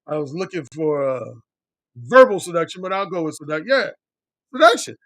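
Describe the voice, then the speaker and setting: With lively intonation and a slightly fast delivery, a middle-aged male dating coach responds to his livestream chat; the audio has no room sound. He's blunt and swears freely, repeats points for emphasis, and imitates other men in a high voice when he quotes them.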